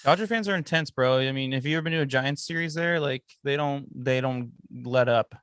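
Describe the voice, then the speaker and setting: A man co-hosts a casual sports podcast and gives his opinions bluntly. His voice is at a middle pitch and comes through dry and close to the mic, with no room sound. He talks in a casual, confident way. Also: fairly quick, a bit bright, smooth, no room sound. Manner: opinionated and blunt, says "bro". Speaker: podcast co-host.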